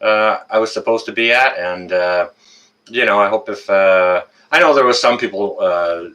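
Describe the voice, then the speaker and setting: A man's voice: lowish voice, normal speed, pushed and bright, rough recording. A man hosting a live stream, chatting casually, rambling with many fillers and greeting viewers by name.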